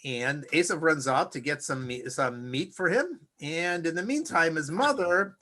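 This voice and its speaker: A man with a bright, forceful voice and a slightly high pitch teaches an informal Torah class. He talks in a loose, conversational way, full of restarts, and slips into the voices of the people in his story. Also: measured pace. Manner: conversational, acts out quoted characters; frequent fillers and restarts.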